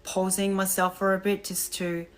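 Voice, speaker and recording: A tired woman hosting a casual live-stream chat, pausing often to rest her voice and thanking viewers. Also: mid-range voice, level tone, soft background music, rough recording. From Australia. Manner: slow, breathy pauses, thanking viewers. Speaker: livestream host.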